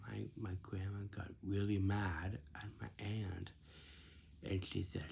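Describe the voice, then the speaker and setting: A man's voice: fairly low pitch, slow pace, gravelly, a little mellow, slightly rough. A man telling a casual, rambling story, often stopping to repeat and correct himself.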